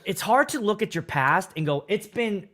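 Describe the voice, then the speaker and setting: A male show host talks with a guest in a relaxed, conversational way and chimes in with questions. His voice is a little high for a man. He speaks in plain everyday tones. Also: moderate pace. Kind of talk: casual chat.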